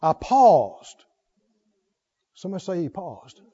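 High-voiced male preacher, emphatic. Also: big pitch swings, takes it slowly, breathy edge. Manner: emphatic, shifting from loud exhortation to hushed intensity. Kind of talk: sermon. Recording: dull lo-fi sermon recording.

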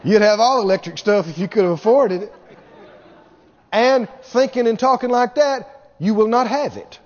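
In a dull, reverberant hall recording with a faint crowd audible, a high-pitched man preaches a sermon at normal speed. He speaks with emphasis, repeating key words and laughingly imitating people.

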